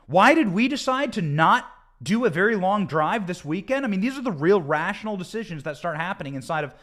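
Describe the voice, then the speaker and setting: A man's voice: sits high, sing-song, fairly quick, fairly bright tone. An American man hosting a political commentary show, talking emphatically and sarcastically and repeating points for effect. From United States. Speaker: host.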